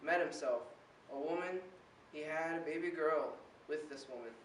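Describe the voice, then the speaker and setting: A man's voice: fairly high pitch, normal speed, fairly bright tone. A teenage boy performing a spoken word poem with an earnest, rhythmic delivery. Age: teens. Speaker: slam poet. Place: indoor performance room. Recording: roomy, distant mic with faint hiss.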